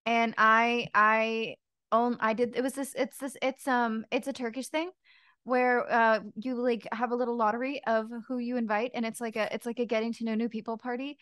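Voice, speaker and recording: Smooth-voiced woman player, a bit high. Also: little pitch movement, moderate pace, fairly bright tone, no echo, studio quality. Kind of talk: casual tabletop game play.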